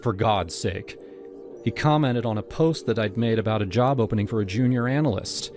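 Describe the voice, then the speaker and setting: A man with a fairly low voice tells a first-person horror story in a brisk, wry way. Loud background music plays under the scripted narration.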